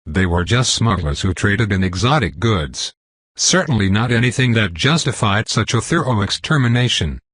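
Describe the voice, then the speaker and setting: A man's voice: on the low side, animated, moderate pace, a bit bright, slightly rough, no room sound, clean studio sound. A man as a bitter, defiant war mage. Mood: pleading. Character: embattled veteran male war mage, head of security.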